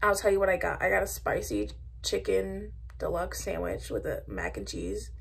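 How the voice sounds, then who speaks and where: A woman's voice: fairly low pitch, big pitch swings, normal speed, gravelly, husky. Chatty bubbly woman in her twenties. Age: 20s. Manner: bubbly, chatty, says "literally" and "like" a lot. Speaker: vlogger. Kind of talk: casual chat. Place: home.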